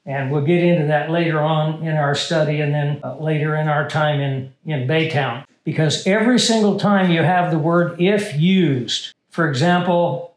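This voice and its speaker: A man's voice: on the high side, echoey room, low-quality recording. A man preaching a teaching sermon, stressing key words and putting questions to the congregation. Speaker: pastor.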